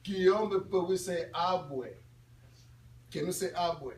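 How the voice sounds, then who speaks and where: A man addresses a room of students, speaking slowly in a somewhat high voice and laughing as he quizzes them. He is picked up from across an echoey room. Faint ambient noise sits beneath. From Congo. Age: 20s. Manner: animated, laughing, quizzing the audience. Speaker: guest speaker at a school. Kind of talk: talk to students. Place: classroom or school hall. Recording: echoey room audio from far off.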